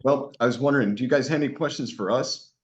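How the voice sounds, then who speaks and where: A man's voice: medium pitch, fast talker. A man chatting casually as interviewer, swearing often and laughing easily. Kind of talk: casual chat. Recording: dull lo-fi recording.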